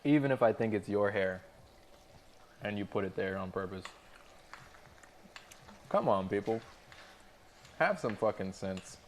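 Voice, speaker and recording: A man's voice: lowish voice, animated, a little slow, pauses often, a little hiss or hum. A man cooking on a livestream who talks to his chat and tells exasperated, profane stories about difficult restaurant customers. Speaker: restaurant cook streaming to chat. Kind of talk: casual livestream rant while cooking.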